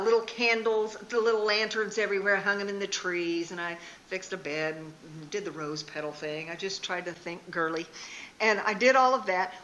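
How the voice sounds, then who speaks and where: A middle-aged woman speaking at a church marriage seminar. She tells animated stories and often laughs. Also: medium pitch, dull audio, a little hiss or hum. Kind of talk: storytelling marriage seminar talk. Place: church hall. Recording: echoey church room.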